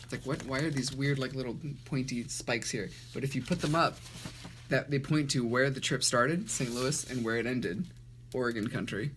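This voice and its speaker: Man, casual comedic vlog, sarcastic, self-mocking, middle pitch, laughing asides. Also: moderate pace, fairly bright tone, slight background noise. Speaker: YouTuber reviewing his childhood drawings.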